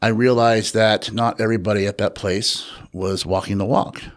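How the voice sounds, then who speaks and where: A man telling his personal story as an interview guest, in a reflective, unhurried way with pauses and fillers. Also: lowish voice, fairly even intonation. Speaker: interview guest, author and researcher.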